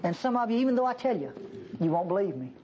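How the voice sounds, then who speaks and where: A woman's voice: mid-range voice, big pitch swings, quick pace, mellow, highs cut off. A woman preacher giving an emphatic, folksy sermon in a church.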